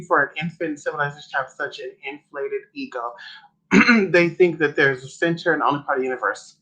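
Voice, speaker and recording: A man talks through a spiritual vlog in loose, casual chat. He is sassy and profane, throwing theatrical asides at his viewers. His voice is bright and sits somewhat high. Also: a little fast, poor audio. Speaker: spiritual vlogger. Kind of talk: casual live-stream chat.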